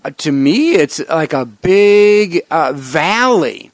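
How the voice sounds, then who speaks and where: A man hosting a Bible study talk show as its pastor, easygoing and teasing, explaining slowly with pauses. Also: a little high, very animated, no echo. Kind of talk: casual Bible study chat.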